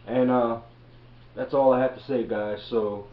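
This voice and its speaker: A man's voice: mid-range voice, fairly even intonation, unhurried. A man in his thirties from Baltimore, giving a blunt, profane motivational rant as a reselling vlogger. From Baltimore, USA. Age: 30s. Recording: echoey room, dull lo-fi audio.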